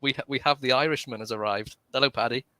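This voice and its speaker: A man with a British accent co-hosting a livestream, playful and quick to laugh in casual banter over a video call. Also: mid-range voice, fairly even intonation, sharp tone, clear, resonant tone, no room sound. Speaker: co-host.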